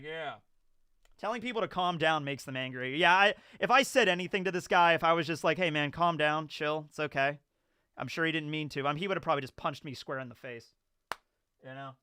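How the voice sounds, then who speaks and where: Bright, clear-voiced man chatting on a dry mic. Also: on the high side, no echo. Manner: rambling, conversational, filler-heavy. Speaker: YouTube host. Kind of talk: casual storytelling and commentary.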